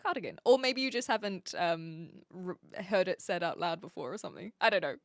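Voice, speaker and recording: A young woman with a New Zealand accent, chatting with her stream and reading out comments, giggly and trailing off into quiet asides. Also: fairly low pitch, expressive, fairly quick, no room sound, studio quality. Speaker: livestreamer.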